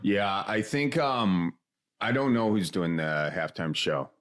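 A man's voice: sits low, slow pace, fairly bright tone. A man co-hosting a casual chat, curious and teasing, firing off questions. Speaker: podcast co-host.

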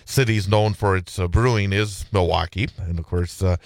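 A man from Wisconsin hosts morning talk radio in a low voice, rambling easily between topics with plenty of fillers. The sound is close and dry, a studio microphone. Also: fairly even intonation, moderate pace, no room sound. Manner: chatty, rambling, many fillers and restarts. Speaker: radio talk show host. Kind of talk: casual talk radio chat.

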